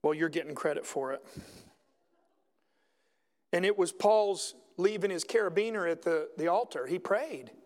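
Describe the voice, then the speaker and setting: High-voiced preaching man in a hall. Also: animated, normal speed, long pauses, darkish tone. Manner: preaching, rising to emphatic high passages. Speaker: pastor. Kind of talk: sermon.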